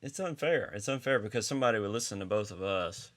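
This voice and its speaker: A man's voice: lowish voice, expressive, quick pace. A man with a Southern US accent, co-hosting a podcast, laid-back and plainspoken as he runs through news. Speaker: podcast co-host. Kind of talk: casual chat and news roundup.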